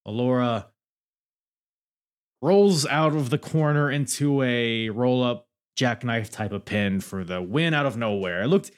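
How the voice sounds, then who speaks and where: Male podcast host, casual rambling recap, jokey and profane. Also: medium pitch. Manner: rambling, joking and profane, with many restarts.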